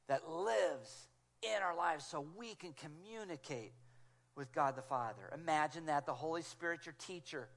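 A man preaching a sermon as a guest speaker, telling stories with animated delivery and slipping into hushed tones for quoted voices. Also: sits high. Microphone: small clip-on mic.

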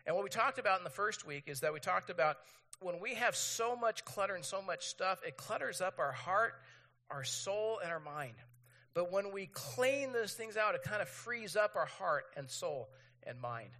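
Animated pastor in a reverberant hall. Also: male voice, sits high, moderate pace. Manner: animated, mimics impatient voices. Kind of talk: sermon.

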